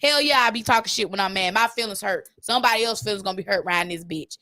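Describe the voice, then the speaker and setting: Bright-voiced woman, fiery and blunt. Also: medium pitch, quick pace, no echo, studio quality. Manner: fiery, profane, talks over others. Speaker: podcast panelist. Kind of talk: heated debate.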